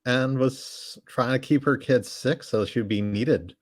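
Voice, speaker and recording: A man chatting casually as a guest reviewer, relaxed and hedging with fillers. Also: mid-range voice, measured pace. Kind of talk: casual movie review chat.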